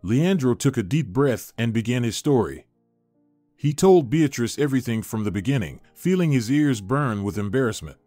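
A man reading a scripted dramatic story aloud as narrator, in an expressive storyteller voice. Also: mid-range voice, normal speed, no room sound, soft background music.

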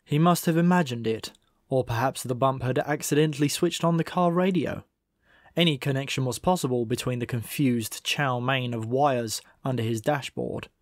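A man narrates a comic novel as an audiobook, measured and wry in his delivery. His voice sits at a middle pitch and is recorded close and dry, with no room sound. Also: no echo. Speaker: audiobook reader. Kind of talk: scripted narration.

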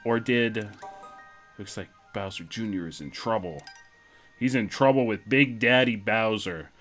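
A young man streaming a video game, commenting casually in an excitable, jokey way. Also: fairly low pitch, unhurried, faint music behind.

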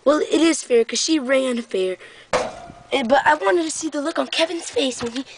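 A woman voicing a hyperactive, easily scared little boy in an amateur comedy impression video, with a squeaky, shrieking voice and frantic outbursts between babbling chatter. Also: moderate pace, background noise. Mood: sulky.

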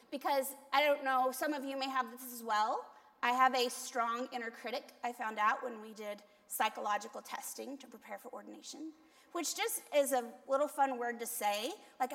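A woman's voice: high-pitched, fairly bright tone. A woman pastor giving a conversational sermon, telling candid, self-deprecating stories. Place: church sanctuary. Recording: long echo of a large church hall.

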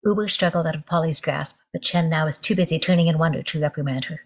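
Deep-voiced woman reading a story. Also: steady tone, fast. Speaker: author. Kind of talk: reading fiction aloud.

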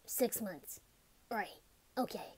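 A woman in a whispered role-play, speaking softly and hesitantly, often in a whisper. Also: mid-range voice, slow pace, husky. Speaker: ASMR role-play performer.

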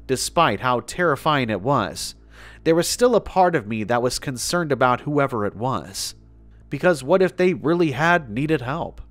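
A man with a mid-range voice reads a first-person horror story aloud in a measured, steady delivery, the way a regular campfire-tale narrator does. A faint bed of music plays softly underneath. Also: medium pitch. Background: faint background music.

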